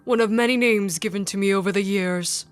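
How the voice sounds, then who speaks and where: A woman's voice: medium pitch, a little fast, smooth, natural voice. A woman voicing a mysterious, sinister male collector in a game with a put-on British accent, theatrical and cryptic. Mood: menacing.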